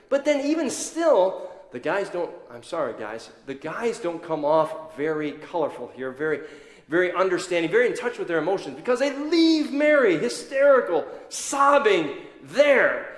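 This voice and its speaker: A man's voice: high voice, normal speed, roomy sound, long reverb tail. A man preaching an Easter sermon as pastor, telling the story dramatically and acting out its people. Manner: animated storytelling, acting out the disciples and Mary.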